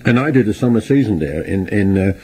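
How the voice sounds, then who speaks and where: A man's voice: fairly low pitch, lively intonation, brisk, a little mellow, breathy edge. An older man with an Irish accent, chatting about his past and acting out the people he quotes. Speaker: interviewee, singer. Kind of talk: anecdotal reminiscing.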